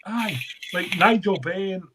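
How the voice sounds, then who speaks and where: Rowdy sweary man with a higher voice. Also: slow, fairly bright tone, rough recording. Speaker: show regular. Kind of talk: casual chat on a live stream. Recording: faint background noise.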